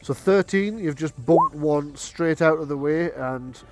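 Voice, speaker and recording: A man's voice: on the high side, measured pace, soft background music. A man running a tabletop game as game master, narrating with frequent hesitations. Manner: hesitant, many ums and restarts.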